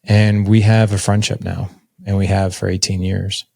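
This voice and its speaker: A man's voice: low-pitched, level tone, normal speed, gravelly, dark tone, no room sound, studio quality. A man in his forties telling a personal story as a podcast guest, candid and conversational, with lots of filler words. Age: 40s.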